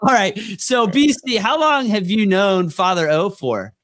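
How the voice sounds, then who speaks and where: A male talk show host who teases his guests playfully. His voice sits a bit high. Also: sing-song, a little slow, a bit bright, dry recording, clean studio sound. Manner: playful, teasing. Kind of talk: casual talk show hosting.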